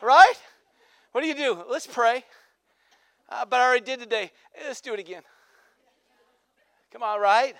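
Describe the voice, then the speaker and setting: A male pastor preaching a sermon, peppering his talk with "amen" and "come on" and rising to shouted emphasis. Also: very high voice, moderate pace, long pauses, clean tone, no echo, clean studio sound. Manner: call-and-response exhortations, repeated "amen" and "come on".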